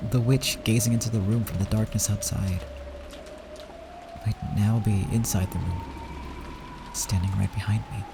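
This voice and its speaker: A man's voice: fairly low pitch, creaky. A man streaming a visual novel playthrough, narrating it in the first person with dramatic reading that sinks to whispers at tense moments.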